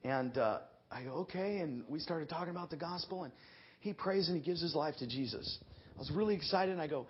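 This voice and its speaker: A middle-aged man preaching a sermon as an animated storyteller, bursting into shouts and laughter. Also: a little high, brisk, breathy edge. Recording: dull lo-fi recording.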